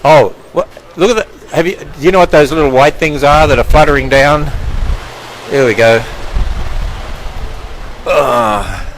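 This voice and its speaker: A man's voice: a little high, measured pace, long pauses, a little hiss or hum, rough recording. Chatty older Australian man giving a tour. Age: 60s. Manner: chatty, jokey, laughs often. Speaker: ministry president giving a tour. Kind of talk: casual chat with visitors. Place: walking through a building and outdoors.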